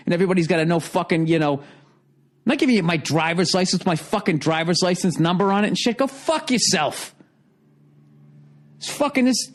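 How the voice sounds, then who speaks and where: A man with a Boston accent rants through a comedic monologue, swearing freely and acting out both sides of an argument. His voice sits a little high for a man. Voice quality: profane, animated storytelling. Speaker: podcast host. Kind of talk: comedic monologue, ranting story.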